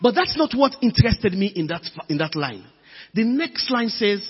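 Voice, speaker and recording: Preacher, male, high and husky, lively delivery; dull recording, long hall echo. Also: normal speed. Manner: animated, emphatic preaching with sudden loud bursts. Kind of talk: sermon.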